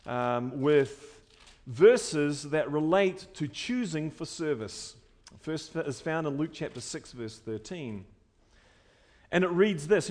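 A man preaching a teaching sermon, explaining word meanings with emphatic stresses and quieter asides. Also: fairly high pitch. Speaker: preacher teaching Bible study.

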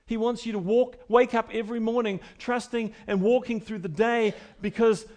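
High-voiced man preaching a sermon. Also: fairly even intonation, moderate pace. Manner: emphatic preaching with wide swings in pitch and loudness. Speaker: pastor.

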